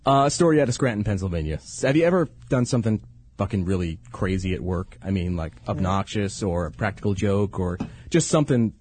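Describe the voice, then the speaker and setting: A man's voice: deep voice, lively intonation, fairly quick, darkish tone, breathy edge. A middle-aged man co-hosting a casual talk show, teasing his partner and laughing often. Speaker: co-host. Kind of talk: casual podcast banter.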